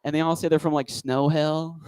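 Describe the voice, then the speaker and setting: Guy doing stand-up, kinda high voice, wry rambly delivery, dry close sound. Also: flat delivery, normal speed, a little mellow, smooth, no room sound, low-quality recording. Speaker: stand-up comedian. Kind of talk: stand-up comedy set. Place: comedy club stage.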